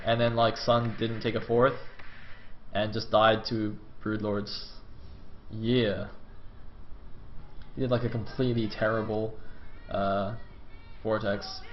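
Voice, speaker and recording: A man's voice: mid-range voice, a little hiss or hum. Chatty young man casting a game. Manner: chatty, rambling asides with fillers. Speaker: game caster. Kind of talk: solo esports commentary on stream. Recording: slightly dull lo-fi stream audio with faint music.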